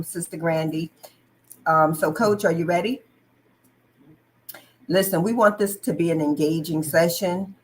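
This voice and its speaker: A woman's voice: low voice, slight background noise, low-quality recording. A woman hosting a live online talk show, friendly and full of "um"s, greeting viewers as she talks. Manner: friendly, filler-heavy, greets viewers mid-sentence. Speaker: host.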